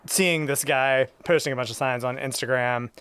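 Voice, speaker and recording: A man being interviewed about his sign painting work, talking in a relaxed, rambling way with lots of fillers. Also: mid-range voice, normal speed, clear, resonant tone. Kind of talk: casual conversation.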